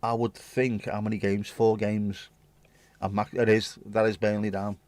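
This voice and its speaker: Man, lowish voice, dry close sound, rambling jokey livestream chat. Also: flat delivery, moderate pace, darkish tone, no room sound. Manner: rambling, jokey, swears casually. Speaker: livestream host. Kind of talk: casual chat with viewers.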